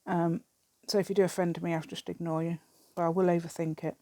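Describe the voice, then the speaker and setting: Chatty woman, slightly low voice, dry sound, rambling craft-vlog chat, self-deprecating. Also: little pitch movement, brisk, mellow, no room sound. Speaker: craft vlogger. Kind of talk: casual chat while crafting. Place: at an outdoor table. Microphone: camera set on the table.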